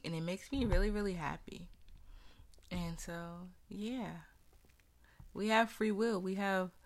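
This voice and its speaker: A young woman sharing her personal faith story in an earnest, conversational way, with many casual fillers. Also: fairly low pitch.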